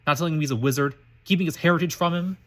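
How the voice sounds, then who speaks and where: A man's voice: a little high, close to an everyday voice. A man reading as an arrogant eleven-year-old boy. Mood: scornful. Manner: quick reading with frequent slips and restarts. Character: arrogant pure-blood boy of eleven, contemptuous. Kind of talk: reading fan fiction aloud.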